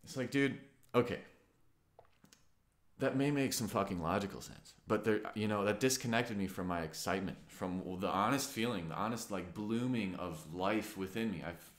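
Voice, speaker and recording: A man's voice: on the low side, normal speed. A man in his twenties telling a personal story in a meandering, earnest way, full of fillers and casual swearing. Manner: earnest and reflective. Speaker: vlogger. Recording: roomy echo.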